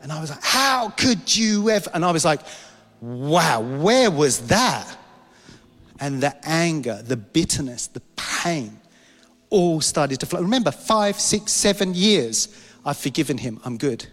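A man's voice: a little high, lively intonation, measured pace, a bit bright. A man in his forties preaching a sermon and telling a personal story, his voice rising and dropping with emotion. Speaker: pastor. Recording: long hall reverb.

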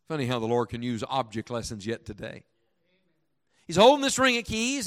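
A male pastor preaching a sermon to his congregation in a church, telling a story dramatically and reading scripture slowly with heavy emphasis. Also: mid-range voice. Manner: dramatic storytelling with big swings from hushed to loud. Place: church sanctuary before a congregation.

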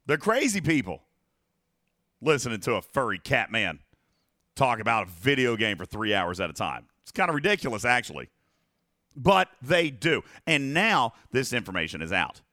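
A man hosting a live podcast, talking casually and playfully, a little hoarse as he is losing his voice. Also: fairly high pitch, normal speed, no echo, clean studio sound. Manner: animated, playful, chatty with a co-host. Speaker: podcast host.

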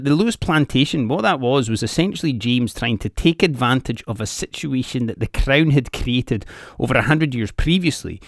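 A man's voice: mid-range voice, lively intonation, moderate pace, dry recording, studio quality. A Scottish man narrating history sardonically, full of sweary, sarcastic asides. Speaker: comedic history presenter.

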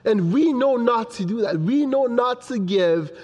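A young man preaching a sermon in an animated way, acting out his children's voices. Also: very high voice, measured pace, in a large hall, dull audio. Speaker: pastor.

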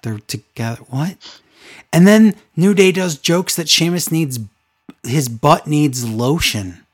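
A man talks in a casual podcast chat, and his pitch jumps up and down a lot as he goes. He rants with sarcastic exasperation, throwing out incredulous questions. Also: lively intonation, slow pace, breathy edge. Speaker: podcast co-host recapping wrestling.

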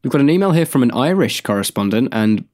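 A man's voice: mid-range voice, very animated, fast talker, a little mellow. A man co-hosting a podcast, reading listener emails aloud in an easygoing, agreeable way. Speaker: podcast co-host.

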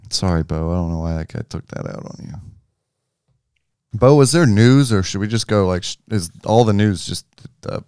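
A man's voice: fairly low pitch, moderate pace, a little mellow, clean tone, dry recording, clean studio sound. A man co-hosting a casual basketball podcast, loose and joking, with easy swearing. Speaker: podcast co-host.

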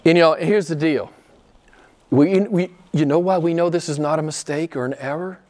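Male pastor, fairly high voice, forceful sermon delivery with rhetorical questions, loud-to-hushed swings. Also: normal speed.

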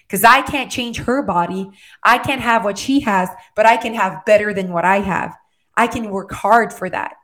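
A woman's voice: medium pitch, a bit bright. A woman giving a heartfelt motivational talk on weight and wellness, speaking directly to the listener and checking in often, in a rambling, earnest way. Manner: direct, coaching tone with frequent "okay?" and "right?" check-ins.

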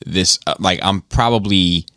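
A man in casual podcast chat, an animated storyteller who swears freely. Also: deep voice, measured pace, no echo, studio quality.

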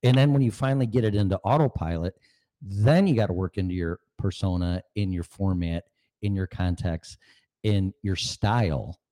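A man's voice: sits low, normal speed, warm tone. A man hosting a podcast in casual chat, blunt and swearing freely, often laughing. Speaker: podcast host. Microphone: home studio mic through small mixer.

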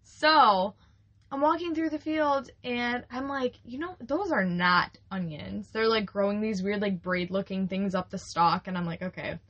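A young woman co-hosting a podcast, telling a farm story in a rambling, casual way with lots of fillers and quick laughs. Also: mid-range voice, fairly bright tone, muffled recording. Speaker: podcast co-host, flower farmer.

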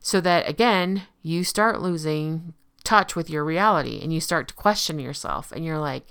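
A woman's voice: deep voice, normal speed, a bit bright, clean tone. A woman giving a casual explanatory talk, conversational and often checking in with the listener. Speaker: speaker on relationship abuse.

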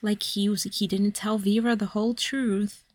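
A woman's voice: medium pitch, flat delivery, moderate pace, darkish tone, no room sound. Woman, podcast co-host, casual chat, acts out quotes, swears, dry sound. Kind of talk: casual chat about a book.

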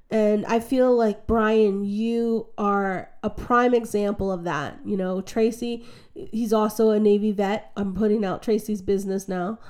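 A woman telling stories in a lively, chatty way, acting out what people said. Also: mid-range voice. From United States. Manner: animated, chatty, acts out quotes in her story. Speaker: guest. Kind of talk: casual conversational storytelling.

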